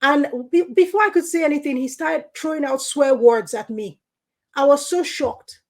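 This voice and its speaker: This is a woman who works as a GP, talking as a guest on a live careers session. She speaks earnestly and conversationally, with a slightly high pitch and plenty of "you know" fillers. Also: normal speed. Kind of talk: conversational talk sharing experiences.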